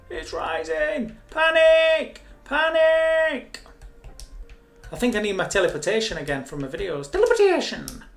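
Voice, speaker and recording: A man's voice: mid-range voice, gravelly. A man casually chatting and rambling as host of a live game stream, joking at his own expense. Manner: chatty, rambling, self-mocking.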